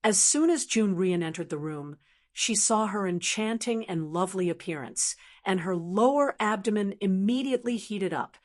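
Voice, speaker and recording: A woman narrating a martial arts novel audiobook in a steady, even storytelling manner. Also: mid-range voice, moderate pace. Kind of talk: scripted narration.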